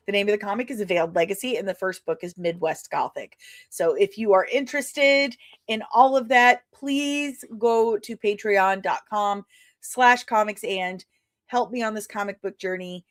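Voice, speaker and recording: A woman's voice: medium pitch, moderate pace, no echo, studio quality. A woman hosting a podcast in casual chat, rambling and self-deprecating with many fillers. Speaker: podcast host and comic creator.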